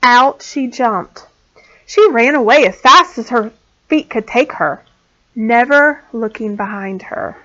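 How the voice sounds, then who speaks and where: A woman teacher reading a storybook aloud to small children, clear and expressive. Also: on the high side, slow. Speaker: pre-K teacher. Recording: dull lo-fi sound.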